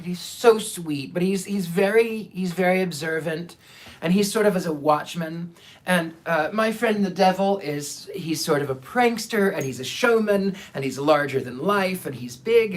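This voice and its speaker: A man, a psychic, telling stories in a casual, animated monologue, often repeating himself and acting out the people he quotes. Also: high-pitched. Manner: animated, repeats words, acts out quoted voices.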